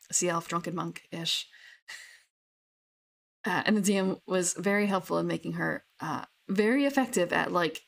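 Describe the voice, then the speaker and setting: A young tabletop gamer chats about her characters in a fairly low, gravelly voice. It's casual, rambling talk with plenty of fillers and restarts.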